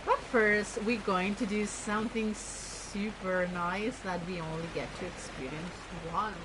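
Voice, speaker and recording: A woman's voice: mid-range voice, fairly even intonation, a little slow, noisy background. A woman hosting a let's play, chatting enthusiastically and reading in-game text aloud as she plays. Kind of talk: gameplay commentary.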